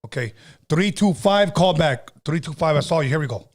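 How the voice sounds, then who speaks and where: Loud profane middle-aged male host. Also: fairly high pitch, expressive, normal speed, background noise. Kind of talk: casual radio show chat.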